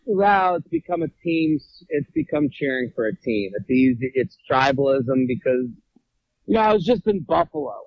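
A man's voice: medium pitch, normal speed, no room sound, dull audio. A man from the Boston area, a comedian guest in casual interview chat, telling stories and acting out the people in them, swearing freely. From Boston area, USA. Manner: animated storyteller acting out dialogue, swears freely.

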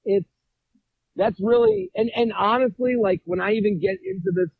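A high-voiced man with a gravelly, husky edge tells stories on a podcast, jumping into the voices of the people he met. He is from the Boston area and swears freely. The sound is dull and lo-fi, with no room to it. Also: moderate pace, no room sound. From Boston area, USA. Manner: animated storyteller acting out dialogue, swears freely. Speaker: comedian guest. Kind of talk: casual interview chat.

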